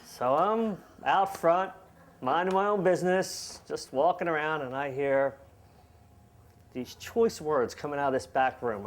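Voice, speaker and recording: A man with a slightly high voice tells a comic personal story into a microphone on a live stage. He is casual and self-mocking, often chuckling. He acts out the back-and-forth dialogue with quick shifts of voice.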